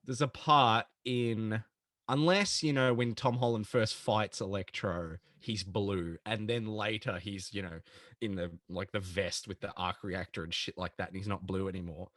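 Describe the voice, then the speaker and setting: A man co-hosting a podcast in casual chat, excitable, swearing freely and acting out quotes. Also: lowish voice, moderate pace, dry recording, studio quality. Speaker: podcast co-host.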